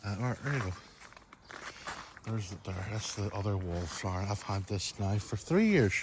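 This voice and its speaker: A Northern Irish man with a lowish voice gives a chatty garden tour, calling his viewers "folks" as he goes. He talks straight into a handheld phone outdoors, with faint noise in the background. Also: expressive, moderate pace. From Northern Ireland. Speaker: garden vlogger. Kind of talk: casual walk-through garden tour. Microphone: phone camera held while walking.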